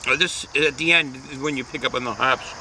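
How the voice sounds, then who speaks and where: A man's voice: medium pitch, a little fast, bright, forceful tone, a little hiss or hum, rough recording. A man giving a casual, folksy beer review outdoors, rambling with lots of hesitations.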